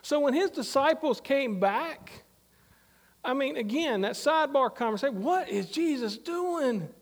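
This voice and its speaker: A man's voice: very high voice, lively intonation, unhurried, big-room sound. A middle-aged man preaching a sermon, talking in a conversational, anecdotal way full of asides. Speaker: pastor.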